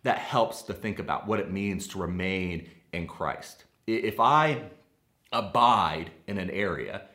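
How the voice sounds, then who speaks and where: A man with a Midwestern American accent preaching a sermon, earnest and measured, slowing down to stress key phrases. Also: sits low, animated, sharp tone, echoey room. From Midwestern United States. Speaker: pastor.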